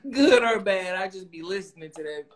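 A woman's voice: mid-range voice, expressive, fairly quick, background noise. A woman co-hosting a casual podcast who gives short replies and laughs easily.

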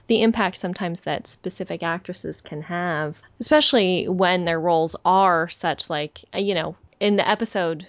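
A woman's voice: fairly low pitch, moderate pace, hardly any pauses, no room sound. A woman co-hosting a podcast in casual chat, talking thoughtfully with frequent ums and easy laughs. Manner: thoughtful, hesitant with many fillers, laughs easily. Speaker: podcast co-host. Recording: dry, slightly lo-fi audio.

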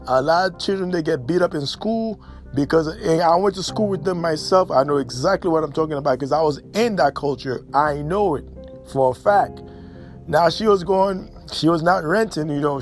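A man from Haiti giving a blunt, emphatic casual monologue, repeating points for stress. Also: fairly high pitch. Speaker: commentator. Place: New York and elsewhere in the States.

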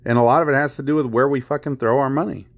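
A man's voice: mid-range voice, fairly even intonation, racing. A man hosting a podcast, talking in a heated, rambling way, repeating phrases, swearing and filling with "you know" and "I mean". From United States. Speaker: podcast host. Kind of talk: casual chat.

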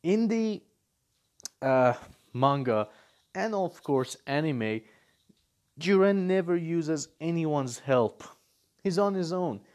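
A man ranting his way through casual reaction commentary, animated and disbelieving. His voice sits a little higher than most men's. He keeps throwing out rhetorical questions. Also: slow, long pauses. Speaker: anime and manga commentator.

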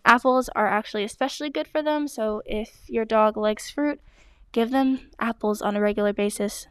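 A woman hosts a casual question-and-answer vlog, talking in a chatty way with plenty of hesitant fillers. Her voice sits a little high and sounds exceptionally clear and smooth. The recording is dry, with no room echo. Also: moderate pace, fairly bright tone. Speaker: dog blogger answering breed questions.

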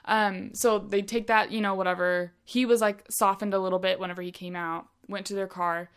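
A woman's voice: mid-range voice, fairly even intonation, a little fast, clear, resonant tone. A young woman telling a story in casual chat, chatty with many fillers.

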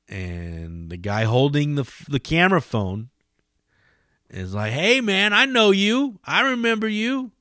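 A man hosting his own podcast, rambling and swearing with excitable energy in a casual solo monologue. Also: fairly low pitch, no room sound, clean studio sound. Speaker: podcast host.

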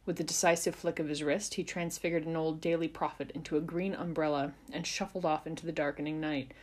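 A woman reading a fan fiction chapter aloud for a podcast in a measured, expressive storytelling manner. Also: sits low. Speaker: podcast reader.

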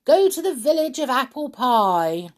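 A woman voicing a small, anxious, gentle male pixie in a storybook reading, talking in breathless, hurried pleas. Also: mid-range voice, expressive, breathy edge. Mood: worried.

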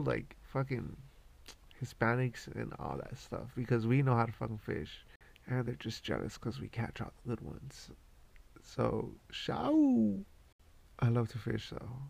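A man's voice: medium pitch, creaky, no echo. A man hosting a podcast, rambling casually and swearing constantly in a laid-back way. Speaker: podcast host.

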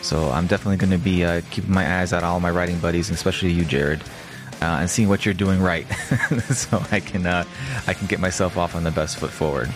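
A man's voice: deep voice, a little fast, music in the background. A man hosting a podcast, talking in a rambling, chatty way with casual swearing. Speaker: podcast host.

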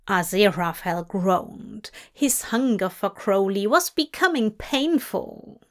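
A woman giving a steady, measured narration of a fan-fiction story. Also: medium pitch. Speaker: audiobook reader.

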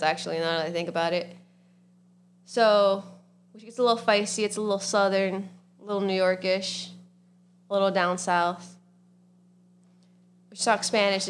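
A woman's voice: medium pitch, a little hiss or hum. Chatty young woman telling a story. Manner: chatty storyteller, laughs often. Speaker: podcast co-host. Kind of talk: casual chat.

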